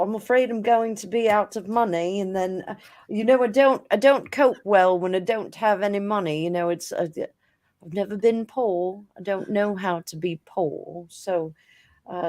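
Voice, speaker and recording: A fretful rich husband, put on by a woman, who stammers through his worries. He speaks slowly and hesitantly, with a plain mid-range voice. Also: mid-range voice, a little mellow, no room sound, close to an everyday voice. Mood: worried.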